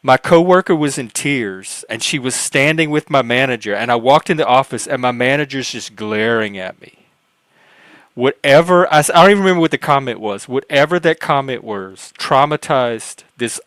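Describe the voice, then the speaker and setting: Guy telling a long personal story on a live panel, medium pitch, dry sound, earnest, trips over his words a lot. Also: fairly bright tone, no echo. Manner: rambling, frequent restarts and self-corrections; earnest, acts out quoted dialogue. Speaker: panelist on a livestream. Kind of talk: personal storytelling, casual talk.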